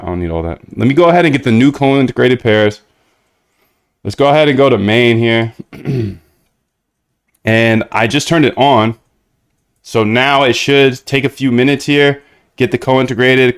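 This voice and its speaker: A young man live-streaming while coding a trading bot, chatting casually with viewers in slangy banter, sometimes flat and monotone, sometimes lively. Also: mid-range voice. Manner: laid-back slangy banter with chat, shifts between flat monotone and lively bursts.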